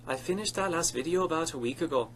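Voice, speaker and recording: A man's voice: fairly high pitch, fast talker, fairly bright tone. A young man vlogging casually into his webcam at home, upbeat and self-deprecating as he talks about learning an accent. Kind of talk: casual self-recorded vlog. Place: home at night.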